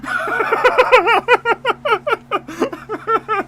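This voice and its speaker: A man's voice: very high voice, extremely slow, very noisy. A man co-hosting a podcast, telling a story in casual chat and laughing often. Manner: animated storyteller, laughs a lot. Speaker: podcast co-host.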